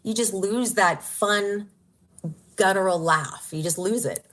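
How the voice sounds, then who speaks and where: A woman's voice: mid-range voice, slow. A woman, a radio personality telling her story earnestly in an interview. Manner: earnest and emotional, with bursts of laughter and exclamations. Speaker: radio personality, podcast guest.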